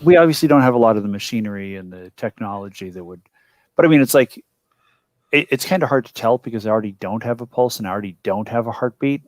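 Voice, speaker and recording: A man talking as a player at a tabletop game, explaining his ideas in a rambling, animated way with lots of "like"s. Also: on the low side, fast talker, no room sound.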